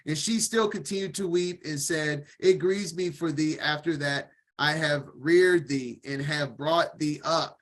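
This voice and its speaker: A man's voice: on the high side, a little slow, hardly any pauses, a bit bright. Man reading scripture aloud, then commenting. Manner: reads aloud, then breaks off to comment casually. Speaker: scripture teacher.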